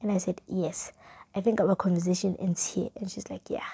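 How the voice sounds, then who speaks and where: A young South African woman with a South African accent, casually telling a storytime vlog and reading old chat messages aloud in a soft, half-whispered way. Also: on the low side, flat delivery, normal speed, gravelly, husky. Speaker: vlogger.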